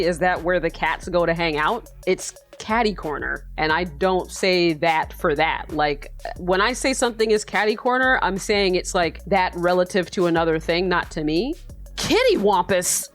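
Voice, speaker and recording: This is a young American woman reacting to an online quiz in loose, sarcastic commentary. She swears freely and laughs easily. Her voice sits low, but the pitch leaps and dips all over, over a faint bed of music. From United States. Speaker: YouTuber. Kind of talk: casual commentary while taking an online quiz.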